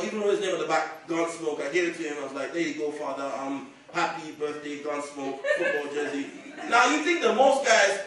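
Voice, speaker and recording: A man's voice: high voice, a bit bright. A man performing stand-up comedy on a club stage, chatty and teasing, laughing through his jokes. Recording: echoey room from far off with crowd. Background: audience laughter.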